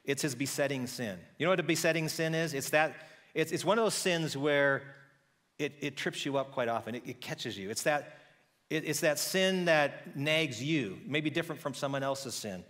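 A man preaching a sermon as pastor, telling a story in a lively conversational way and acting out the characters' voices. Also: on the high side, normal speed, in a large hall. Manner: conversational with frequent restarts.

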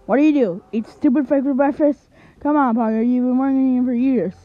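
A woman's voice: high voice, fairly even intonation, fairly quick, no echo, lightly acted. A woman voicing a hot-tempered male newspaper boss who berates and insults his employee in a fan animation. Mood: scolding. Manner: barking, insulting, impatient. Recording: tinny lo-fi home recording.

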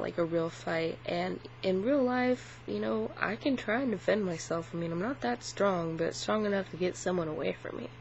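Woman vlogger, lowish voice, rambling and profane, recorded on a dull built-in camera mic. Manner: rambling, filler-heavy, swearing. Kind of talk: casual vlog retelling a dream. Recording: dull lo-fi camera audio with faint hum.

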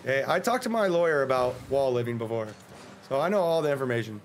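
An American man streaming a game, chatting casually in a joking, rambling way and breaking into sudden excited yelps. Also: medium pitch, fast talker, slight background noise. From United States. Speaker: livestreamer. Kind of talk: casual gameplay livestream commentary.

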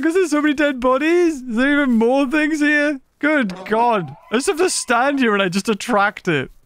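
A man giving excitable live commentary over a video game, exclaiming and laughing often. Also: high voice. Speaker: gaming YouTuber.

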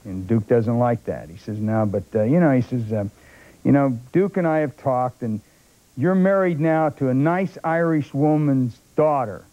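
A man's voice: medium pitch, normal speed. An older man, a film actor, telling anecdotes as a talk show guest and acting out the voices of others. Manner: animated storyteller who acts out other people's voices. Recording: dull lo-fi broadcast tape.

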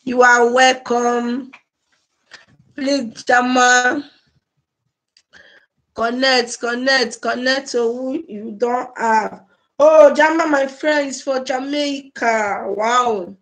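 A woman's voice: a little high, steady tone, drawn-out words, long pauses, a bit bright. A Nigerian woman hosting a casual livestream on a phone or laptop mic, repeatedly pleading with and effusively thanking her viewers. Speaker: livestream host.

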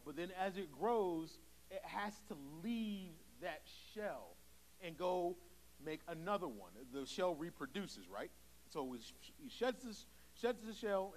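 A young male preacher in a church with a notably high voice. He speaks in a relaxed, conversational way and acts out quoted exchanges as he goes. A faint hiss sits under the recording. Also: poor audio. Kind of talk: sermon. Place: church sanctuary.

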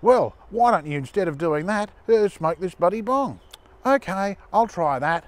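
A man doing a brash, foul-mouthed Australian tough guy who talks in a blokey drawl. The voice sits fairly high for a man and rants straight to the listener in a comedy sketch. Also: lively intonation, normal speed. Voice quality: heavy swearing, blokey drawl. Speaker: comedy character. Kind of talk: scripted comedy monologue.

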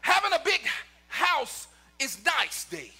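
High, bright-voiced shouting preacher. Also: male voice, wildly swooping pitch, slow pace. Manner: preaching in rising shouts, near-sung cadences; talks to the congregation and online viewers. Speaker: pastor. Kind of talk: sermon.

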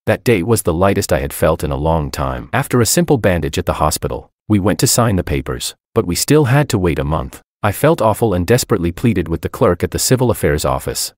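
A man reading a first-person story aloud in a measured, scripted narration. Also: sits low, very animated, no echo, studio quality.

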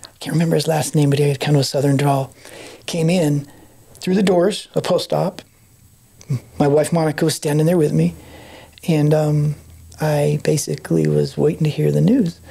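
Husky, mellow-voiced man telling a story. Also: fairly high pitch, normal speed, long pauses. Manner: animated storyteller acting out quoted voices. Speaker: podcast guest. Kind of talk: storytelling testimony.

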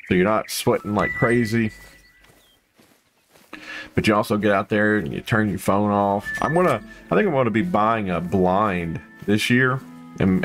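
A man with a low voice talks his way through a hunting video game. He rambles with plenty of fillers, then breaks into excited outbursts at each find. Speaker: gameplay commentator. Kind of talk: casual gameplay commentary.

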